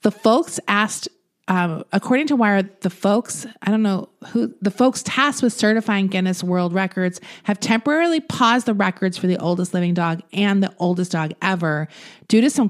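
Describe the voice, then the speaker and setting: A woman co-hosting a casual podcast, her pitch bouncing all over as she reads a news story aloud. She breaks into giggles and jokes at her own reading. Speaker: podcast co-host. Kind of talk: casual chat.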